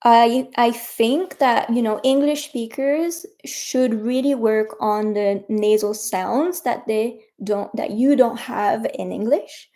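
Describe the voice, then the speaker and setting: A woman's voice: fairly high pitch, slow, hardly any pauses, dark tone. A woman with a French accent, a native French speaker, teaching and coaching viewers in a casual livestream, chatty and encouraging as she addresses them directly.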